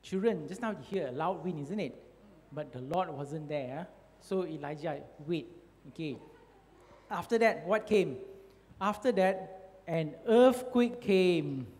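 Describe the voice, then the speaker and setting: Slow expressive man telling children a story. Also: a little high, big-room sound. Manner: slow, expressive, addresses children with questions and "okay". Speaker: Sunday school storyteller.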